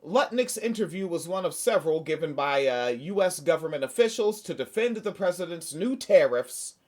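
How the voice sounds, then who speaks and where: A man hosting a podcast, reading news aloud and breaking off into sarcastic, profane asides. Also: fairly high pitch. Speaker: podcast host.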